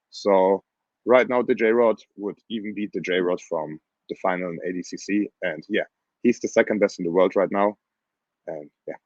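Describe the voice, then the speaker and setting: Grappling coach, man, hoarse, blunt and animated; lo-fi, dry call audio. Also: on the low side, no echo. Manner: animated, blunt, plain phrasing. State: hoarse from screaming. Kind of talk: casual interview talk.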